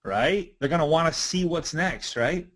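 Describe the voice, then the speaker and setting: A man talks through a marketing webinar for a live audience. He is loose, chatty and energetic. His voice sits at a middle pitch. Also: moderate pace, poor audio. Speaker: webinar presenter. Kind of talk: casual instructional webinar talk.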